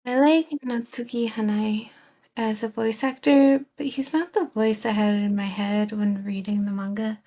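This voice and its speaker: A young woman from the UK chatting casually on a stream, softly spoken and often dropping into a whisper. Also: on the high side, fairly even intonation, moderate pace. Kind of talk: casual stream chat, reading and answering chat.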